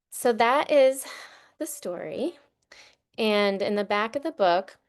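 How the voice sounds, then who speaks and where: Author on a video call, clear voice. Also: female voice, medium pitch. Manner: warm, relaxed, with fillers and self-corrections. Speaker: author and trauma consultant. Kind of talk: casual talk at a virtual book launch.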